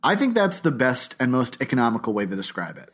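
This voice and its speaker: A man's voice: mid-range voice, very animated, fast talker, fairly bright tone, husky. A man co-hosting a comedy podcast, chatting casually and laughing often. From New Hampshire or Florida. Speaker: podcast co-host.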